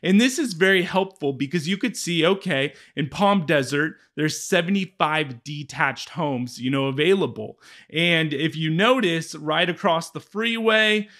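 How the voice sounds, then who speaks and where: A man's voice: on the high side, measured pace, fairly bright tone. A man, a real estate agent giving a casual walkthrough of a home search, chatty and often checking in with the listener. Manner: chatty, keeps checking in with "okay?".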